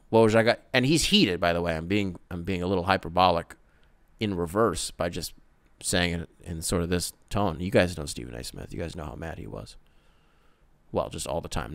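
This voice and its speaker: Profane, animated male sports podcaster. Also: low-pitched, no echo. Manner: profane, animated, mocking impressions. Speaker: podcast host. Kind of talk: casual solo sports podcast rant.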